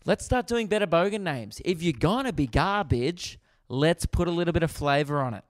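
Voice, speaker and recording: An Australian man riffing through a comedic podcast monologue with a smooth, resonant voice. He rants in an animated, exasperated way and swears freely. The sound is close and dry, with no room around it. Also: a little high, moderate pace, no echo. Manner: animated, profane, exasperated ranting.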